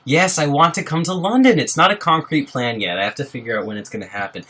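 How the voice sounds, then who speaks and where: A man's voice: fairly high pitch, expressive, fast talker, fairly bright tone. Earnest young man chatting on a livestream. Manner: earnest, supportive, reads out viewer names. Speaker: livestream host. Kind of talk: casual live-stream chat with viewers.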